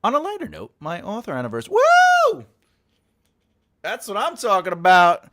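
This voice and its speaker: A man's voice: high-pitched, huge pitch swings, moderate pace, fairly bright tone. A man hosting a writing livestream, chatting casually and rambling as he reads out and answers chat messages, often laughing.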